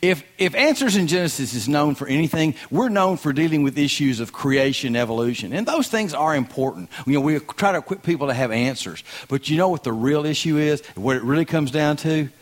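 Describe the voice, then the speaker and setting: A man's voice: on the high side, lively intonation, brisk, few pauses. A man with a Southern US accent, a guest speaker giving a sermon in a folksy, joking and emphatic way. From American South.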